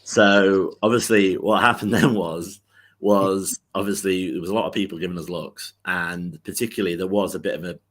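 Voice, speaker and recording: A man with a low voice recounts a long story in casual podcast chat. He rambles, stacking fillers and restarting his sentences. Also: steady tone, moderate pace, a bit bright. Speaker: football podcast co-host.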